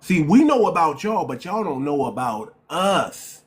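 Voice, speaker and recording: Emphatic high-voiced man with a New York accent. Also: very animated, a little slow. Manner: emphatic, repetitive, lecturing, keeps saying ma'am. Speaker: live-stream host. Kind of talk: heated live-stream debate.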